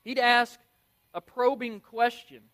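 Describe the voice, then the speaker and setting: High-voiced preacher, lively and emphatic. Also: male voice, takes it slowly, faint music behind. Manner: energetic, emphatic, playful, repeats key words. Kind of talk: sermon.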